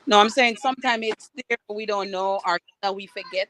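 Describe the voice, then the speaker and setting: An agreeable guest joins a live stream and speaks encouragingly. The connection carries clear noise underneath the voice. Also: medium pitch, normal speed. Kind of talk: casual live-stream chat.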